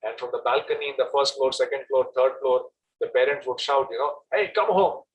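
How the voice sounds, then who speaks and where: A man recounts a devotional story in an easy, conversational way, wandering into personal anecdotes. His voice sits in a middle pitch and he speaks outdoors at a pilgrimage site. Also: level tone, brisk, slight background noise, low-quality recording.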